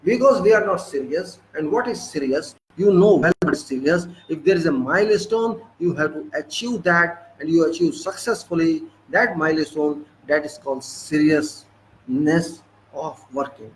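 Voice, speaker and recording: Indian-accented man, higher voice, fiery rhetorical lecture, faint hiss behind. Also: expressive, normal speed, rough recording. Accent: Indian English. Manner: rhetorical, scolding, repeats questions to the listener. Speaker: political speaker. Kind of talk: impassioned lecture.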